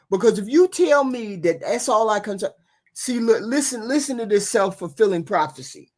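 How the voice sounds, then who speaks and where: A woman's voice: mid-range voice, lively intonation, moderate pace, darkish tone. A woman hosting a livestream who argues with impassioned force. She repeats phrases and piles question on question, and her voice sits in the middle of the range for a woman. It comes over a remote call. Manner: impassioned, argumentative, repeats herself. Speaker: host. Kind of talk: livestream talk show.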